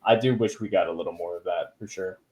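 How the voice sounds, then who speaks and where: Man, podcast host, casual chat, rambling, filler-heavy, lower voice. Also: fast talker, darkish tone. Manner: rambling, lots of fillers and blah blah asides.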